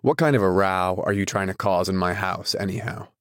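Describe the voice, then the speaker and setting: A man's voice: low voice, a little fast, no echo, clean studio sound. A man voicing an arrogant wealthy husband who speaks in an incredulous, insulting, snapping way. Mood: sneering.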